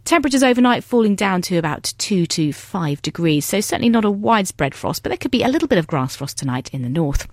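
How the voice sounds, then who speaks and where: A woman reads the radio weather forecast with a brisk, lilting flow. Her pitch moves a lot from phrase to phrase. The studio sound is close and dry. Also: very animated, a little mellow, dry recording. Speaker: weather presenter.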